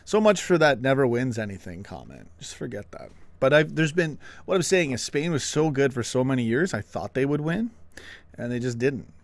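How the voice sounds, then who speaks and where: This Canadian host of a laid-back football stream has a mid-range voice with big pitch swings and talks at a normal speed in a room with no echo and an open window. He sounds breathless, reading chat aloud and answering viewers with self-mocking humor.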